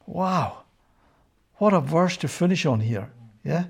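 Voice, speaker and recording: A man delivers a sermon-style Bible teaching, his voice dark and gravelly. He presses his points hard, repeats key phrases and checks in with a quick "yeah?". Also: on the high side, lively intonation. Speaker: preacher.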